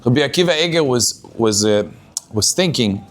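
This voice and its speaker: A man's voice: medium pitch, expressive, normal speed, fairly bright tone. A man giving a Torah talk as a rabbi, telling a story with Hebrew terms mixed in and often restarting his phrases.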